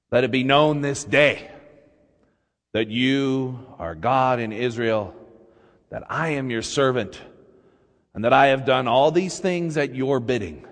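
A man's voice: sits high, fairly bright tone, exaggerated voice. A man voicing a bold, confident male prophet who taunts and challenges, in a long church reverb.

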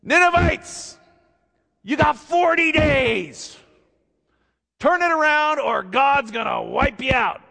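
Resentful prophet, high and strained, shouting, put on by a man preacher. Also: lively intonation, slow, creaky, pauses often, full character voice. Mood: proclaiming. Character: angry, resentful male prophet Jonah. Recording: long reverb in a big hall.

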